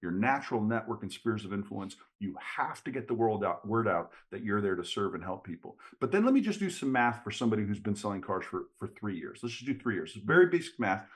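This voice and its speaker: A man's voice: lowish voice, brisk, hardly any pauses. A man, a sales trainer telling stories as a guest in an interview. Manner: lively storyteller, quotes people in dialogue. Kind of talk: animated storytelling in an interview.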